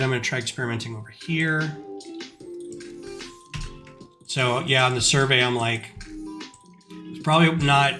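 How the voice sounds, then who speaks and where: A man chatting casually on a livestream while designing brick models. He rambles through stories and mutters asides to himself as he works. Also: medium pitch. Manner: rambling, animated storytelling mixed with muttered asides.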